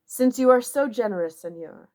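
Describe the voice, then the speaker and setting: A woman voicing a stately foreign male stranger who speaks softly, slowly and with formal courtesy. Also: fairly high pitch, animated, lightly acted. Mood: courtly.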